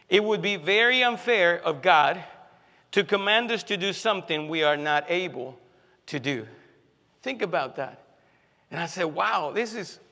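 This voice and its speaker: A man with a fairly high voice, preaching in a loose, conversational way. He repeats key phrases for emphasis and leans on fillers, and his voice rings out with a long reverb in a church sanctuary. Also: bright, forceful tone. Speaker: pastor. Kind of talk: sermon.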